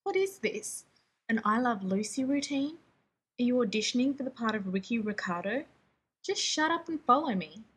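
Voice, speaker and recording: A woman's voice: on the high side, animated, normal speed, slightly rough. A woman voicing a prickly, arrogant male genius scientist stuck in a woman's body, snapping and ranting in exasperation. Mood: exasperated rant.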